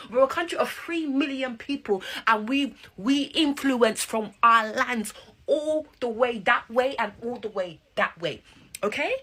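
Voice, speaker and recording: A woman's voice: medium pitch, pushed and bright. A woman from Jamaica in an impassioned, defiant rant to camera, repeating her points and sometimes dropping to a whisper.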